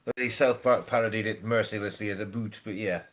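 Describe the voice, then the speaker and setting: A man's voice: on the low side, steady tone, a little fast. A British man on a live stream, chatting casually and agreeably, often stalling with fillers and restarts. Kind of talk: casual chat.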